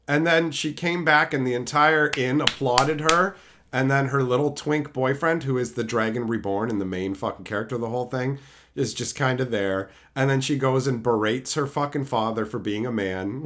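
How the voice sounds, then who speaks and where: A man's voice: medium pitch, normal speed, fairly bright tone. A man hosting a livestream, casually reading chat and ranting in a profane, unfiltered way. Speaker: livestream host.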